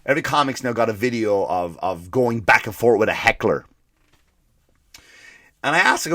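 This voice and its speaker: A man's voice: medium pitch, fairly quick, no room sound. Profane ranting male comedian. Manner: profane, animated ranting with mimicked quotes. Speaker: comedian, podcast host. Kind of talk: comedic rant.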